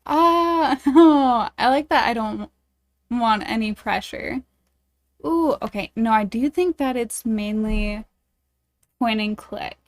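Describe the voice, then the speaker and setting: Woman streamer, fairly high voice, unhurried, bubbly and giggly while reading a game aloud to chat. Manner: bubbly, giggly, self-deprecating. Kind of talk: reading a dating game aloud, chatting with viewers.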